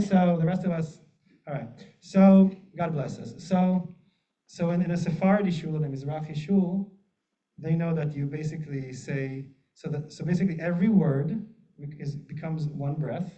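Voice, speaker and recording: Chatty man teaching a class, slightly high voice. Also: normal speed, warm tone. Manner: chatty, jokey, asks the group often. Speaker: rabbi leading a class. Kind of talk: casual teaching with humor. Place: synagogue classroom with a group. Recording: muffled lo-fi room recording.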